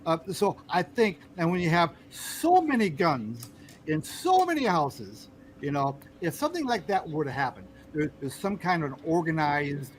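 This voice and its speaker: Podcast host, American man, a bit high-pitched, lots of ums and restarts, faint noise behind. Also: very animated, rough recording. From United States. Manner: halting, many fillers and restarts. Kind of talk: casual political chat.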